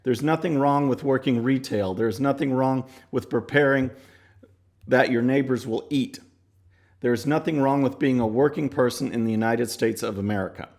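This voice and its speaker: A man's voice: medium pitch, normal speed, gravelly, a little mellow. A man hosting a political commentary show, talking casually with scornful asides. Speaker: podcast host.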